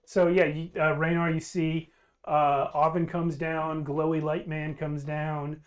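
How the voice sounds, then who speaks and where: A man narrating as game master of a tabletop game, relaxed and laughing often. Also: on the high side, a little slow.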